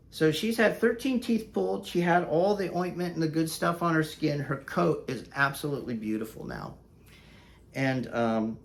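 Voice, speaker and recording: A man's voice: mid-range voice, gravelly. A man who is a dog trainer, telling a story in a casual vlog, rambling and conversational with frequent fillers.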